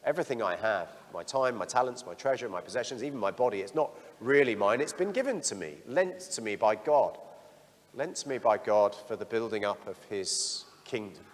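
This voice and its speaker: A middle-aged parish priest giving a sermon, telling stories about himself in a candid, self-deprecating way. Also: male voice, fairly low pitch, animated, fairly quick, long reverb tail. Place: church.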